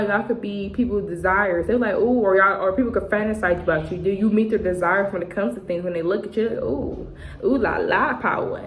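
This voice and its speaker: A woman in her twenties giving a casual tarot reading to her viewers, chatty and full of slang, often acting out what other people say. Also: on the high side. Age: 20s. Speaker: tarot reader. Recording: echoey room with faint noise.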